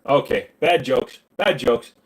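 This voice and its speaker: A man hosts a casual livestream in a medium-pitched, slow voice over poor audio. He answers viewer questions and talks back to his chat with crude jokes and banter.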